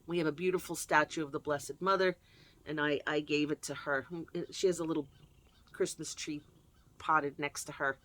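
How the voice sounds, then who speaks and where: A woman chatting casually to camera as host, jokey and lively, laughing often. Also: deep voice, moderate pace. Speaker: self-help video host.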